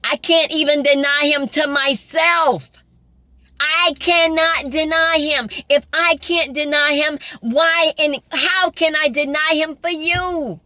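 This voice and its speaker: High-voiced lady preaching slow, repeats herself a lot, asks questions back, dry close sound. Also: fairly even intonation, pushed and bright, dry recording. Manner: emphatic, repeats phrases, rhetorical questions. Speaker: spiritual preacher. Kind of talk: informal spiritual sermon.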